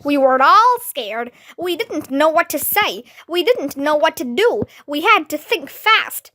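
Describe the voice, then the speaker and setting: Woman narrator, children's read-aloud, high and animated, unhurried. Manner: lively, expressive, voices characters with squeals.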